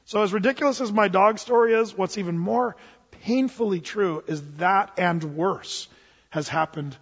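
A man's voice: high voice, normal speed, slightly rough. A man preaching a sermon, telling a story and acting out both sides of a dialogue. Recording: dull lo-fi sound with long hall reverb.

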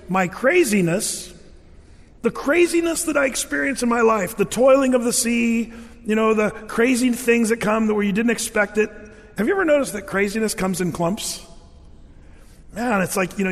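A man preaching a sermon, telling Bible stories in a lively way, acting out quotes and adding sound effects. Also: high voice, big-room sound. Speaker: pastor.

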